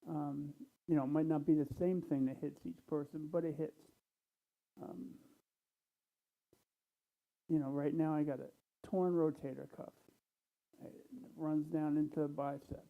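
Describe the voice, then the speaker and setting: A man speaking plainly and unhurriedly to a congregation, tired and low on energy, with frequent pauses. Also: little pitch movement, creaky. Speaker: church speaker. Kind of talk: casual talk to a congregation. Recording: tinny phone-like sound.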